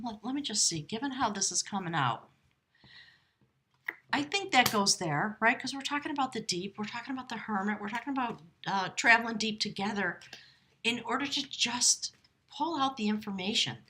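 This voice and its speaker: Tarot reader, woman, bright and forceful tone, emotive musing delivery with drawn-out emphasis. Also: medium pitch. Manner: emotive, musing, drawn-out emphasis, brief whispered asides to spirit. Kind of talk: channeled tarot reading.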